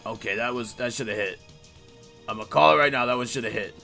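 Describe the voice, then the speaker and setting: Man, gameplay commentary, profane, excitable, bright tone. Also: medium pitch, fast, gravelly, soft background music. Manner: profane, excitable, trash-talking the game. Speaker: let's play host.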